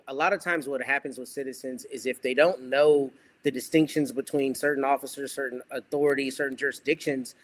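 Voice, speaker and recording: A man speaking as a panelist in political commentary, measured and approving, with some casual slang. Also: a little high, fairly bright tone.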